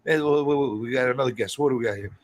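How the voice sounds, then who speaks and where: A man's voice: medium pitch, racing, background noise. A man hosting a livestream who rants in a heated, profane way and keeps repeating himself while he builds his point. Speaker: livestream host.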